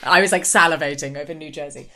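A woman from the UK co-hosting a podcast, chatting casually and quickly with frequent laughs. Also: deep voice, fairly even intonation, bright, forceful tone. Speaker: podcast co-host. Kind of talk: casual chat.

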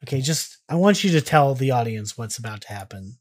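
A man's voice: medium pitch, expressive, fairly quick. A man co-hosting a podcast in casual chat, leading the segment with dry jokes and puns. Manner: dry, jokey, leads the segment. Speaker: podcast co-host.

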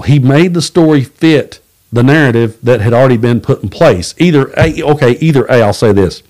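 A man from hosts his own podcast and tells stories in a relaxed, plainspoken way. He is blunt, curses without a second thought, and slips into the voices of the people he quotes. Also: mid-range voice, normal speed. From Southeast Kentucky. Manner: folksy, blunt, swears freely, acts out quoted voices. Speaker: podcast host. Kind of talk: casual storytelling monologue.

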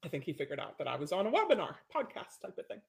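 A woman's voice: lowish voice, big pitch swings, racing, gravelly. A woman dog trainer talking casually on a podcast-style webinar from her home, chatty and firm about discipline, often checking in with "right?".

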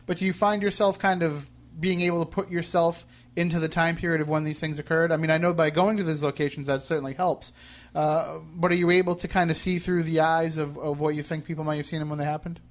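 Chatty radio host with a higher voice. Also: male voice, flat delivery, fast. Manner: chatty, joking, rambling questions. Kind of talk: casual interview.

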